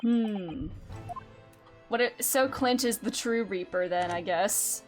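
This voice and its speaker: A woman's voice: medium pitch, slow pace, faint music behind. A woman streamer giving playful, giggly commentary while playing a game. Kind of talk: let's play commentary.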